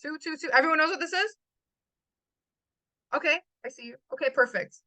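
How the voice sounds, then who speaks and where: A young woman gives an emphatic motivational talk to her live chat. Her voice is high and bright. The sound is dry and close. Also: fairly quick, dry recording, rough recording. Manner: emphatic, repeats lines for stress. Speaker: host.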